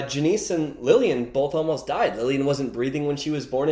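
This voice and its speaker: A man's voice: a little high, darkish tone, roomy sound. A man teaching a recorded course lesson, energetically telling a story and acting out quoted dialogue. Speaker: online course coach.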